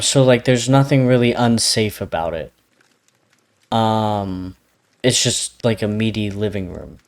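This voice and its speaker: Man, low voice, casual podcast chat, rambling, laughs a lot, swears offhand. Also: darkish tone. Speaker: podcast co-host.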